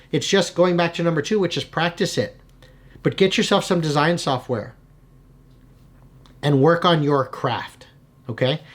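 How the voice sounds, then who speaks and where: A young adult man hosting a video of tips for dungeon masters, talking in an energetic, conversational way with frequent "right?" asides. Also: fairly high pitch. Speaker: channel host giving tabletop game advice. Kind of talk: casual advice video.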